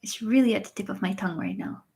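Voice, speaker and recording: A woman, hosting a casual livestream and answering viewers in a chatty way, often pausing with uh and um. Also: mid-range voice, creaky, darkish tone, breathy edge. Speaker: livestream host reading viewer messages.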